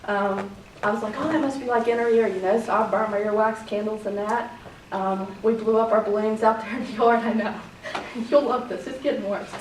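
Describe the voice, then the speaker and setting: A woman's voice: medium pitch, steady tone, fairly quick, darkish tone. This is a woman giving public comment at a county meeting. She wanders through her account with plenty of ums and quoted back-and-forth. Her voice carries from a distance in an echoey room, with a faint hum behind it. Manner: rambling, many fillers, acts out quoted dialogue.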